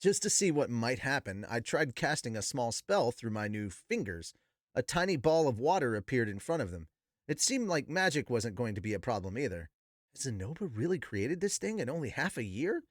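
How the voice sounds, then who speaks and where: Man reading a novel aloud with profane asides, lively pitch, dry close mic. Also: normal speed, no room sound. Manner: animated, profane, laughing asides. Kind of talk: book reading with casual commentary.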